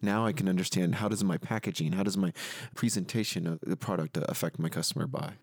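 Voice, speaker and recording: A man speaking as a guest expert in a podcast interview, explaining at length in a measured way. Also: low-pitched, steady tone, gravelly, no room sound, clean studio sound. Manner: measured, explanatory, often adds "if you will". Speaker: guest expert on retail technology.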